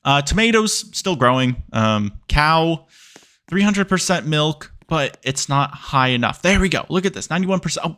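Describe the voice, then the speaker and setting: A man's voice: a little high, expressive, normal speed, a bit bright, slight background noise. Chatty young man commentating gameplay. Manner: chatty, playfully exasperated, talks to the game animals. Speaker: gaming YouTuber.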